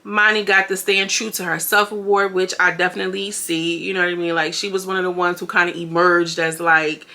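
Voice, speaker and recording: Bright-voiced chatty woman recapping TV. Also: fairly low pitch, a little fast. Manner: chatty, animated, addresses viewers as y'all. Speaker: reality TV commentator. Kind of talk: casual recap commentary.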